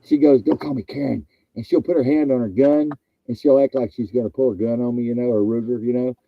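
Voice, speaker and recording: A man's voice: mid-range voice, fairly even intonation, quick pace, dry recording, muffled recording. A man hosting a casual chat, rambling and joking and repeating himself. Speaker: host.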